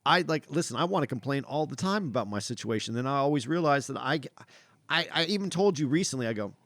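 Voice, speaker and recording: A man co-hosting a podcast, his voice mid-pitched and plainly conversational. The sound is dry and close, with no room around it. He talks earnestly and reflects out loud. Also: lively intonation, fairly quick, dry recording. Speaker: podcast co-host. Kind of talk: casual chat.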